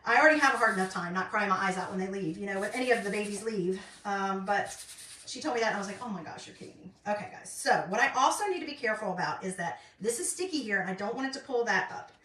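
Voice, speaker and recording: A woman's voice: mid-range voice, lively intonation, fast, sharp tone. A middle-aged woman chatting casually while she works on a craft, rambling with lots of ums. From North Carolina, US. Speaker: craft vlogger. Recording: roomy, distant, faint noise.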